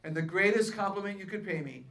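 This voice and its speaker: A woman's voice: medium pitch, fast. A woman and author speaking to a live audience at a faith-based seminar, peppering them with questions and playful self-mocking humor. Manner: lively, quizzes the audience with questions.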